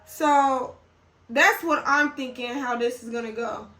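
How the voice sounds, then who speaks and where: A woman's voice: sits high, unhurried, sharp tone, slight background noise, low-quality recording. A young woman telling a story in casual storytime style, blunt and slangy, swearing freely. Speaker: vlogger.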